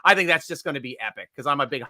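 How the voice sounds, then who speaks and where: Excitable, bright-voiced male stream host. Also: on the high side, racing, dry recording, studio quality. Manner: excitable, rambling, frequent restarts. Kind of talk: excited casual fan commentary.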